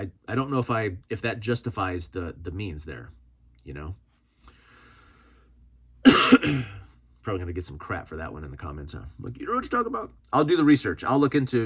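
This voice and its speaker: A man hosting a vlog and reacting to viewer comments in a casual, rambling way, often correcting himself mid-sentence and laughing. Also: lowish voice. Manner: excitable, quick shifts in loudness. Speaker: prepping channel host.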